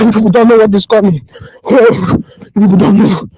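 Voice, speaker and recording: A man's voice: sits high, steady tone, brisk, dark tone, husky, no echo, rough recording. A man with a Nigerian accent recording an impassioned voice note on his phone, pleading and repeating himself with emotion. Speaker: voice-note sender.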